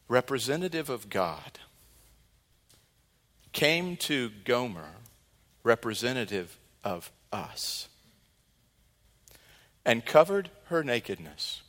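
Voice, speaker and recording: A male pastor preaching a sermon, telling a story earnestly and dramatically, moving between loud and hushed delivery. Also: medium pitch.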